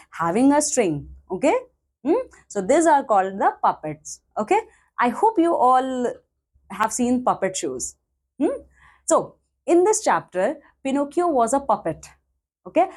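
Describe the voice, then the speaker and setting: A woman's voice: fairly high pitch, darkish tone. A woman teacher explaining a storybook chapter to young children, checking in with "okay?" after almost every phrase. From India. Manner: explains slowly, checks in with 'okay?' constantly. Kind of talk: classroom lesson explanation.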